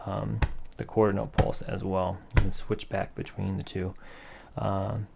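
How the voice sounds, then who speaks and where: A man's voice: deep voice, flat delivery, a little slow, gravelly, darkish tone, a little hiss or hum. A man teaching a rhythm lesson in a patient, methodical way, asking questions and then answering them himself. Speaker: music teacher.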